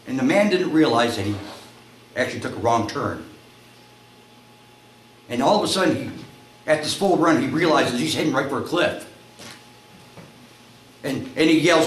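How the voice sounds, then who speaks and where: A male pastor preaching a sermon, telling a story and acting out its voices, climbing to shouts at the high points. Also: expressive, moderate pace, pauses often. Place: church sanctuary. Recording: echoey church room, faint noise.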